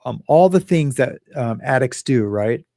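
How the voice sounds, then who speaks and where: Host, male, gravelly mid-pitched voice, rambling and emotional, close dry sound. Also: expressive, unhurried, dark tone, no echo. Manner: rambling, emotional, many fillers and restarts. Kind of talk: casual talk.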